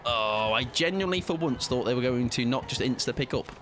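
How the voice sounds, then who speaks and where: Man, excitable gaming streamer, giggly, very animated voice, noisy background. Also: medium pitch, brisk. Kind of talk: casual gaming chat.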